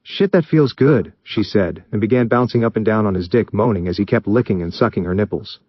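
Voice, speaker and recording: A man with a low voice reads a story aloud in steady, even narration. The recording is dull and muffled, with a dry, close sound and no room echo. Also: quick pace. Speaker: story reader. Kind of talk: reading fan fiction aloud.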